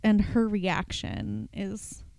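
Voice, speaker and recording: A woman's voice: medium pitch, fairly even intonation, extremely slow, darkish tone, no echo. Chatty woman podcast co-host. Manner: chatty, retells plots in detail. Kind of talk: casual chat.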